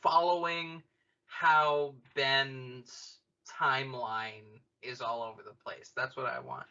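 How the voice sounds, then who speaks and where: A man's voice: mid-range voice, flat delivery, takes it slowly, pushed and bright, lo-fi sound. A man co-hosting a podcast, teasing and interrupting the host in casual banter.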